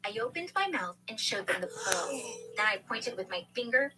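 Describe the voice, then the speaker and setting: A woman tells a first-person story earnestly and dramatically, in a fairly high voice. A steady hiss of noise lies under the recording. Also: normal speed. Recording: noisy background hiss.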